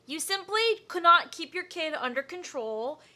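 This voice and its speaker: A woman's voice: sits high, animated, moderate pace, bright, forceful tone. A young woman giving blunt, profane, exasperated commentary while reacting to online videos.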